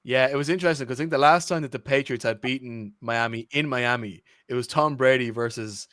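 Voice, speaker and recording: A man with an Irish accent co-hosting a casual sports podcast, chatty and full of quick restarts. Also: mid-range voice, a bit bright, no room sound, studio quality. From Ireland. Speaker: podcast co-host.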